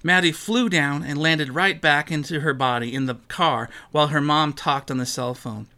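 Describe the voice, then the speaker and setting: A man reading a children's story aloud, acting out each character with an animated delivery. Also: fairly high pitch, moderate pace.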